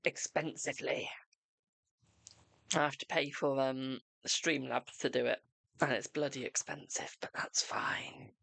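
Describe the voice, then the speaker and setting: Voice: medium pitch, fairly even intonation, unhurried, creaky, long pauses, fairly bright tone, no echo. A host giving live-streamed tarot readings in a chatty, reassuring way, calling viewers darling.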